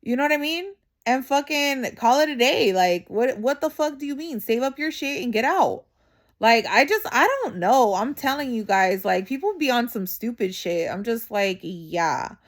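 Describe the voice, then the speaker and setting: A woman's voice: a little high, moderate pace. Blunt, profane woman vlogger venting. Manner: blunt, profane, animated, heavy slang; rhetorical asides, repeats "you know what I'm saying". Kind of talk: casual venting monologue to camera.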